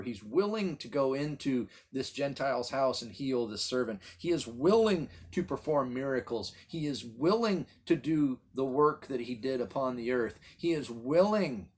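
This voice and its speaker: A pastor leads a midweek Bible study, his voice a little husky and breathy. He talks through the passage earnestly, stressing key words as he goes. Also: mid-range voice, animated, a little slow, few pauses. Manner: earnest, emphatic teaching with restarts.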